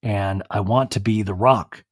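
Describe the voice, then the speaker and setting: A man's voice: lowish voice, a little slow, no room sound, studio quality, pitched below the performer's own voice. A man voicing an earnest young husband from a reality show, reassuring and sincere.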